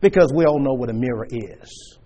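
A man preaching a sermon to a congregation, stressing points loudly and then dropping to quiet asides. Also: medium pitch, animated, a little fast, husky, muffled recording. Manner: emphatic, swings between loud stresses and quiet asides. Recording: long reverb of a church hall.

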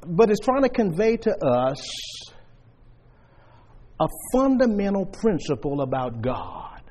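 A man preaching a sermon to a congregation, stressing points loudly and then dropping to quiet asides. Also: sits high, sing-song, slow pace. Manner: emphatic, swings between loud stresses and quiet asides. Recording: long reverb of a church hall.

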